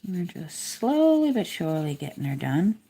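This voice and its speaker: Low, gravelly-voiced woman narrating her coloring. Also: normal speed. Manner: relaxed, chatty, self-deprecating. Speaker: coloring video creator. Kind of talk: casual narration while coloring.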